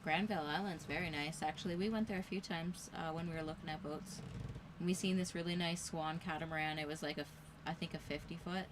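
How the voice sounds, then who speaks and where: A woman's voice: sits low, steady tone, fast, noisy background. A woman co-hosting a casual livestream on a sailboat, chiming in with short remarks. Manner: brief, chiming in with laughs. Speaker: livestream co-host. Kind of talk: casual live stream chat. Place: on a sailboat at a marina.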